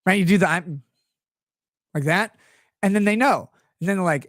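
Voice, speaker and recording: A man ranting as a show host, crude and sarcastic, his pitch swinging widely as he mocks people. The sound is dry and close, with no room behind it. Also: expressive, a little fast, long pauses, no room sound. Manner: slips into mocking impressions of others. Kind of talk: profane live-stream rant.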